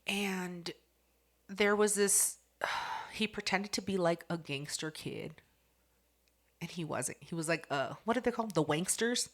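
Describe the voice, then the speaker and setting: Young woman podcast host, bright tone, animated and profane storyteller. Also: fairly low pitch, measured pace. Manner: animated, profane, acts out quotes loudly. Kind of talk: casual storytelling chat.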